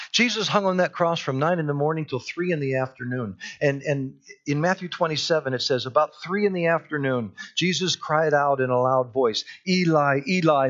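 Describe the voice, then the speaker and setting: A man's voice: medium pitch, fairly bright tone, dull audio. A man preaching a sermon, earnest, who repeats his key phrases and rises into urgent pleas. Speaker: pastor.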